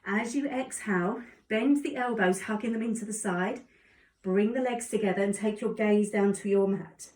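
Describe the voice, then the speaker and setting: A woman calmly guiding a yoga class with encouraging cues. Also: mid-range voice, moderate pace. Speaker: yoga instructor. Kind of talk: guided exercise instruction. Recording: echoey room, distant mic.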